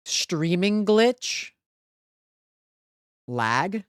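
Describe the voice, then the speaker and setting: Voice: medium pitch, sing-song, extremely slow, clean tone, no room sound, clean studio sound. A live streamer chatting casually with viewers while solving word puzzles, thinking aloud with blunt, profane banter. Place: home streaming room.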